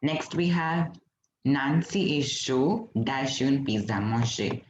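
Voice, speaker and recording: Slow, patient male teacher in a roomy space. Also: mid-range voice, animated, slight background noise. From India. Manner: patient, explains step by step, quizzes the class. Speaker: French teacher. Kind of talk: online class lesson. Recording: roomy, dull lo-fi recording.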